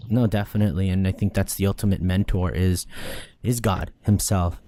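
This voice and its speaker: Man, podcast talk, reflective and earnest, very deep mellow voice, dry close sound. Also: steady tone, normal speed, no room sound. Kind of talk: casual podcast conversation.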